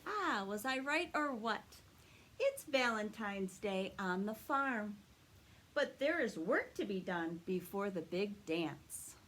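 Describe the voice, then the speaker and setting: A woman, a children's librarian, reading a picture book aloud at story time, animated and expressive and asking the children questions. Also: mid-range voice, slow pace.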